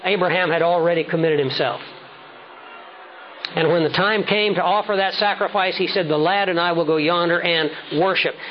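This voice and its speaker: Emphatic preacher man, lo-fi sermon recording. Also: high-pitched. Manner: measured, emphatic preaching with slow stressed words. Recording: dull lo-fi sound with faint noise.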